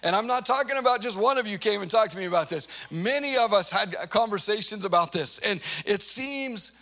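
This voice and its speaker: A man preaching a conversational sermon, telling stories in an animated way and acting out the quotes. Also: high voice, brisk. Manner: animated storytelling, acts out quotes.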